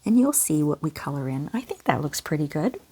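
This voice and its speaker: A gentle, encouraging woman from Canada, talking kids through a step-by-step drawing lesson in a soft voice. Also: sits low, very animated, a little fast, slight background noise. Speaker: children's art teacher.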